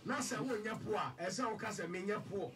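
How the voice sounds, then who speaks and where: A man's voice: high-pitched, a little fast, fairly bright tone. A Ghanaian man interviewing, asking probing questions in English and Twi. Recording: distant mic with faint noise.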